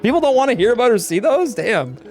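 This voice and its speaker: A man's voice: very high-pitched, big pitch swings, quick pace, a little mellow, soft background music. A man streaming, chatting casually as he reacts to his own run, laid-back, swearing and laughing often. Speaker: game streamer.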